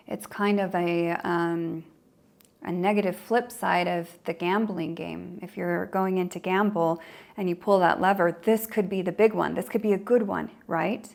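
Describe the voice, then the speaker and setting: A woman's voice: lowish voice, fairly even intonation, a little slow, gravelly, a little mellow. A woman trauma coach hosting a podcast, explaining ideas conversationally and acting out quoted inner voices.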